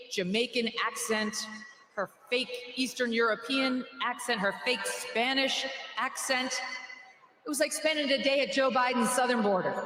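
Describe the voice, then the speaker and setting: A woman's voice: fairly high pitch, sharp tone, slight background noise. A woman giving a political rally speech in a sarcastic, mocking way. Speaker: rally speaker. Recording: echoey hall rally recording.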